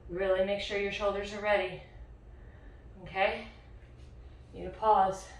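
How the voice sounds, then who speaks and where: A woman's voice: mid-range voice, little pitch movement, measured pace. Breathless woman coaching, echoey room. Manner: counts reps aloud, encouraging. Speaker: fitness instructor. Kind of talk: home workout coaching. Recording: very echoey room, mic far off.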